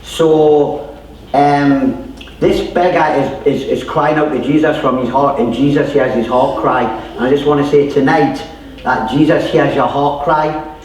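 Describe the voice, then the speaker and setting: A man's voice: fairly high pitch, fairly even intonation, a little slow, darkish tone, a little hiss or hum. Geordie man, chatty storyteller preaching a testimony, recorded far off in a very reverberant room. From North East England. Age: 30s or older. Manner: chatty storytelling, acts out voices, many fillers. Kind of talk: informal testimony sermon. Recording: echoey room, distant mic.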